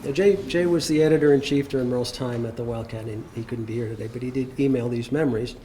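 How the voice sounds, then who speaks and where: A man's voice: medium pitch, fast, background noise. A man at a memorial service, reading written memories aloud with fondness and the occasional laugh. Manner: warm, fond reading, often laughing.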